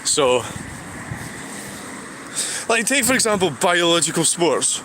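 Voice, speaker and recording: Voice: mid-range voice, big pitch swings, slow pace, sharp tone, a little hiss or hum. A speaker with a Scottish accent, rambling and sighing through a walking livestream outdoors beside a road. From Scotland. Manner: rambling, sighing, restarts thoughts. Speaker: vlogger.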